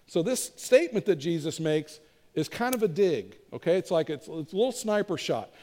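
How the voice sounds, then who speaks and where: A man with a high voice delivers a sermon in a relaxed, chatty storytelling manner, slipping into the voices of the people he quotes. His words ring out with a long reverb, as in a large church hall. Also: normal speed. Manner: conversational storytelling with acted quotes. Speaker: pastor.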